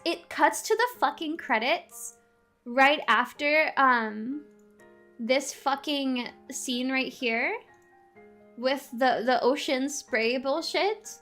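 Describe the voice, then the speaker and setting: A woman streamer in a casual live-stream rant, animated, swearing a lot and laughing often. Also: high voice. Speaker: VTuber streamer.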